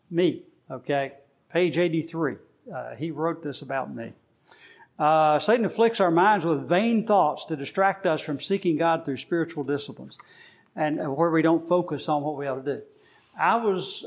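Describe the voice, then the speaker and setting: A middle-aged man leads a small Bible study group in an easy, conversational way. He often stops and restarts his sentences and fills pauses as he teaches. His pitch sits a little above the usual for a man. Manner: plain, conversational, with many fillers and restarts.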